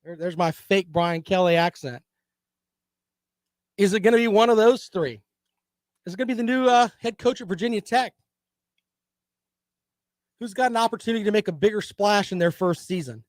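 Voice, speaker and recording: A man's voice: high-pitched, fairly quick, pauses often, no echo. A man hosting a casual live-stream sports talk show, giving opinions and reading viewer comments.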